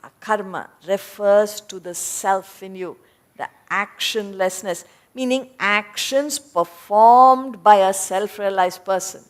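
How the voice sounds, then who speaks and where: Slow, deliberate woman teaching. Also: medium pitch, fairly even intonation. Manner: deliberate, explanatory, breaks ideas into points. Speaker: spiritual teacher. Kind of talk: lecture on scripture. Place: lecture hall before an audience.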